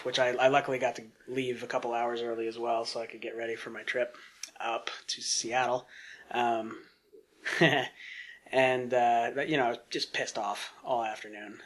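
Bright-voiced man telling a rambling story. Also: mid-range voice. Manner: rambling, many fillers and asides. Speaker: podcast guest. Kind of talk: casual storytelling.

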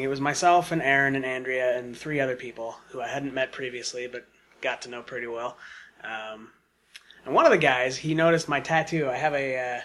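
A man's voice: mid-range voice, fairly bright tone. A man telling a long casual story on a podcast, rambling with lots of fillers and asides. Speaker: podcast guest.

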